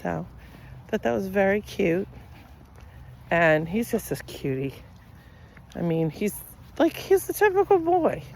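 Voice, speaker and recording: A woman's voice: medium pitch, sing-song, measured pace, creaky, long pauses, darkish tone, slight background noise. A middle-aged woman talking in a rambling, chatty way while walking her dog outdoors. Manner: rambling, chatty, many fillers. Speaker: vlogger. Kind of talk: casual chat.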